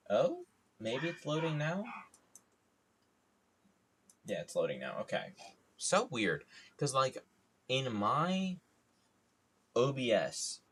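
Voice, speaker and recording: A man's voice: low-pitched, fairly bright tone, slightly rough. A man streaming from home, telling a rambling, jokey story in a casual way. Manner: rambling, jokey, playful idioms. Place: home studio.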